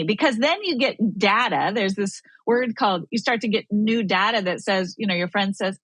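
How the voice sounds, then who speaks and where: A woman's voice: medium pitch, expressive, moderate pace, few pauses, fairly bright tone, dry recording, low-quality recording. A woman speaking as a guest expert on a podcast, earnest and coaching, acting out inner dialogue as she explains. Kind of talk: podcast conversation.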